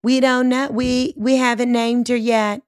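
A woman voicing a gloomy, chatty middle-aged neighbor woman who dwells on small mishaps in a drawn-out, complaining way. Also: fairly high pitch, level tone, voice pushed up, natural voice.

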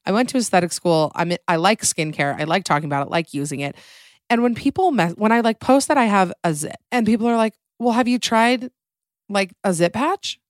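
A woman's voice: on the low side, expressive, quick pace, dry recording, studio quality. A young woman hosting a casual podcast, chatty and playful, acting out quotes. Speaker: podcast host.

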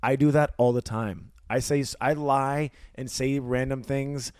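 A man's voice: mid-range voice, fairly even intonation, unhurried, darkish tone, clear, resonant tone, dry recording, studio quality. A man co-hosting a podcast, chatting in a jokey, sarcastic way and laughing often. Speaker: podcast co-host. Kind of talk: casual chat.

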